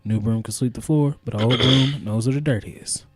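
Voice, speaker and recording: A man putting on an exaggerated accent to recite proverbs in a slow, solemn way. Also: mid-range voice, husky, no room sound, close to an everyday voice. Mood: mock solemn.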